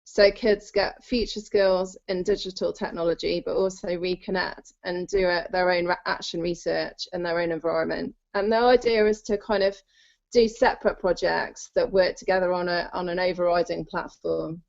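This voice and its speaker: A woman's voice: lowish voice, fairly even intonation, moderate pace, vocal fry. A woman from the UK, a guest on a conference call, explaining her project at length in a chatty way. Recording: muffled call audio.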